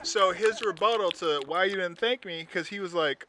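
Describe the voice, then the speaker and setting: A man's voice: sits high, moderate pace, pushed and bright, slight background noise. A man co-hosting a casual podcast at home, talking animatedly and acting out movie lines in playful voices. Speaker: podcast co-host. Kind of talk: casual chat.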